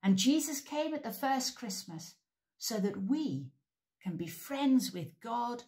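A woman tells a story to a group of preschoolers, her voice rising and falling in big, lively swoops. She speaks slowly and clearly, sing-song and animated, pausing to invite the little ones to join in. The tone is a plain middle pitch, unhurried throughout. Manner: animated, sing-song, with loud call-and-response cues. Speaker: preschool worship leader. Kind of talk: interactive storytelling for young children.

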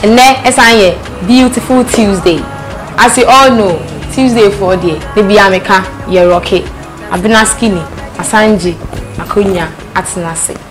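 A woman's voice: mid-range voice, moderate pace, music in the background, low-quality recording. A woman with a Ghanaian accent hosting a casual talk show, teasing her guest and repeating her questions. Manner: teasing, switches between Twi and English, repeats questions. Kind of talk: casual chat show interview.

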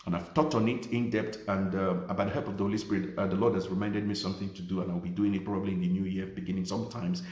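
Male pastor, lower register, emphatic repetitive preaching, roomy echo. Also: little pitch movement, fast, hardly any pauses, darkish tone. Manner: emphatic preaching, repeating key phrases with rising intensity. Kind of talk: livestreamed sermon.

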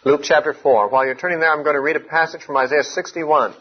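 Male Bible teacher, earnest and explanatory, rather high voice, a little husky, muffled lo-fi sound. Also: quick pace. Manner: earnest, explanatory, emphatic on key points. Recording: muffled lo-fi recording.

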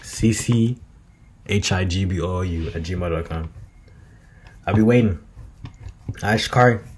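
Late at night, a young vlogger talks to himself in a loose, wandering, slang-heavy monologue that slides into half-freestyled rhymes. His voice is low and measured, with a little hiss or hum on the recording.

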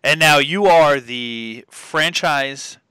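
A man's voice: on the high side, slow pace, pushed and bright. A man hosting a podcast in a casual interview style, friendly and joking, plain-spoken, over a video call. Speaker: podcast host.

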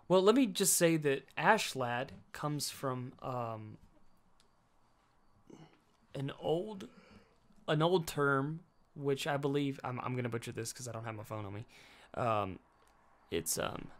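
A man talks through a film he watched in a loose, rambling way, full of fillers and little jokes. His voice sits at an ordinary middle pitch. It is an easygoing chat among friends on a podcast. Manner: rambling, joking, laughs often with many fillers. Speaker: podcast co-host. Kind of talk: casual chat about movies.

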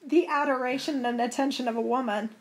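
A woman's voice: high voice, steady tone, fast talker. A woman in a casual movie chat, dry and analytical about lines.

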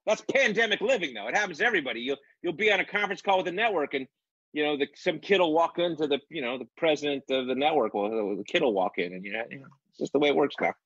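Husky man on a dull, dry call line. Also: a little high, animated, racing, a bit bright, dry recording. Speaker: guest, comedian. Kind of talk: casual chat over video call.

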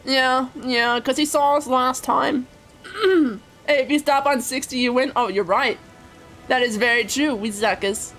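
A woman's voice: sits high, unhurried, fairly bright tone, faint music behind. A woman streaming a game live, chatting with her viewers as she plays, swearing freely and laughing often. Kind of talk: live gameplay commentary.

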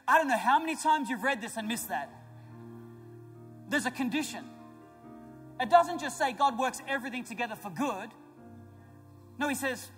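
High-voiced pastor preaching in a hall. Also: male voice, expressive, normal speed, pauses often. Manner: emphatic, rising to loud declarations; joking asides with the congregation. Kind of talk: sermon. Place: church auditorium. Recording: large church hall with reverb and faint music.

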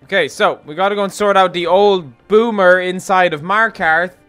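Rambling sarcastically and joking through his let's play, an Irish streamer speaks at a moderate pace in a voice that sits high, fairly bright and clean. Soft music plays behind him, and there is no echo.

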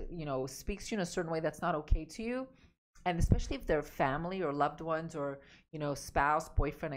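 A woman's voice: deep voice, vocal fry. A woman relationship coach giving emphatic, direct advice, repeating her key points. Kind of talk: advice talk to camera.

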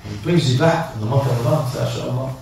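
A man giving a lively Ramadan sermon, asking the congregation questions and acting out people's excuses. He says he is losing his voice. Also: medium pitch, gravelly, a little hiss or hum. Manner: asks the crowd questions and acts out excuses in quick back-and-forth. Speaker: imam giving a talk. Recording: echoey hall, mic from a distance.

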